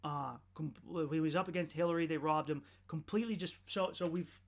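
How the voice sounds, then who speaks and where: Male podcaster, casual cursing monologue, voice sits a bit high. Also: fairly even intonation, fairly quick, vocal fry. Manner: rambling, profane, ranting. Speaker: podcast host.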